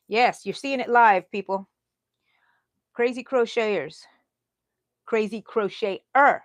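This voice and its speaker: A woman's voice: a little high, a little slow, pauses often, no echo. Middle-aged woman host, rambling chatty livestream talk while crocheting, dry close sound. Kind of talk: casual chat during a livestream.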